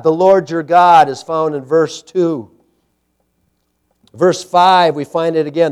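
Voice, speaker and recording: A man's voice: fairly high pitch, moderate pace, darkish tone, clear, resonant tone. A man preaching a sermon, emphatic and building with repeated phrases. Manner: emphatic preaching with rising intensity and repetition. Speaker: pastor.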